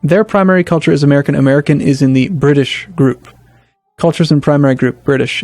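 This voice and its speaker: A man casually commenting on his strategy game as a let's play host, thinking aloud with hesitant restarts and sudden bursts of excitement. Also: fairly high pitch, fairly quick, no room sound, soft background music.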